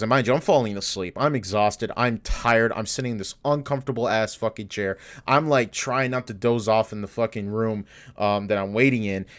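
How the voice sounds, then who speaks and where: Young male podcast co-host, casual and profane, gets heated while telling stories. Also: on the low side. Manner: animated, profane, gets worked up retelling. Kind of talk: casual storytelling chat.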